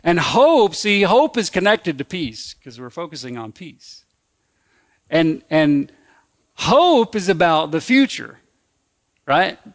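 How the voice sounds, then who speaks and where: A man preaching a sermon as pastor, in a conversational, folksy way that repeats and restarts phrases. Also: high voice.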